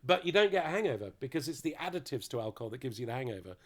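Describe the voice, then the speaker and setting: A man's voice: mid-range voice, big pitch swings, very fast, crowd noise. A middle-aged man, a podcast guest, telling mischievous stories in casual chat and laughing often.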